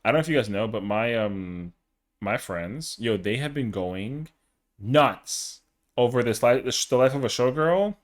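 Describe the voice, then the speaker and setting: A man's voice: medium pitch, lively intonation, normal speed. Slangy young man chatting on stream. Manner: slangy, rambling, heavy on fillers. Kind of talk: casual live-stream chat.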